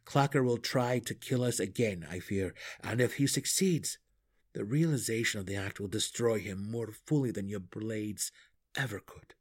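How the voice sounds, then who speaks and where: A man voicing a gruff, grim male deep gnome in an audiobook reading, speaking in a calm, measured way.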